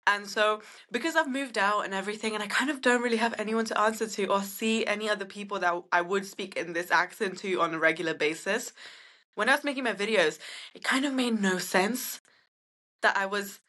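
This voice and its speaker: A young woman from India speaks with a British accent, her first language being Marathi. Her voice is bright and clear, and she talks earnestly and thoughtfully as a podcast guest, often restarting her sentences. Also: mid-range voice, fairly quick. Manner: earnest, reflective, many restarts. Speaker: guest, content creator. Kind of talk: casual podcast conversation.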